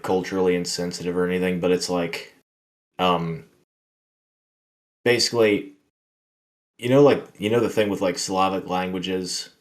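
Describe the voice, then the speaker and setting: A man hosting a podcast, telling a work story in a rambling, filler-heavy, profane way. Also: sits low. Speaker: podcast host. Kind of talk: casual storytelling chat.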